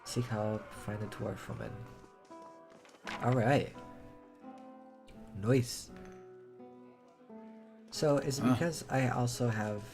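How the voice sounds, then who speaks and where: A man streaming a role-playing game, reading its text aloud and reacting with excited swearing. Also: medium pitch, slow pace, long pauses, soft background music. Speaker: gameplay streamer.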